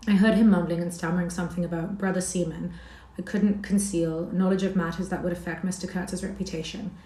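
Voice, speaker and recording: Female audiobook narrator, low mellow tone, measured literary delivery, roomy echo. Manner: steady measured literary reading. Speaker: audiobook reader. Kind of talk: scripted narration.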